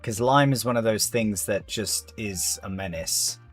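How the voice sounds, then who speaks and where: A man's voice: fairly low pitch, unhurried, soft background music. A young man chatting casually on a gaming stream, rambling to his viewers and calling them mate. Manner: rambling, chatty, chuckling, talks to chat as mate. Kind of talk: casual live-stream chat while playing.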